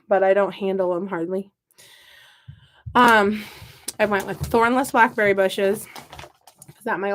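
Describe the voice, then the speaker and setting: A young woman with a Midwestern accent talks her way through repotting seedlings, chatty and self-mocking as she drifts off topic. Her voice sits a touch higher than most women's, easy and unhurried. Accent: Midwestern American. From American Midwest. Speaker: gardening vlogger. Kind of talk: casual chat while working.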